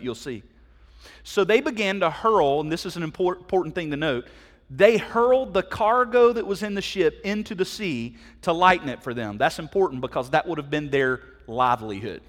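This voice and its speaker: A man's voice: sits high, fairly bright tone. A middle-aged man preaching a sermon, emphatic and conversational, often asking the listeners direct questions. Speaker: pastor. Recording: long hall reverb.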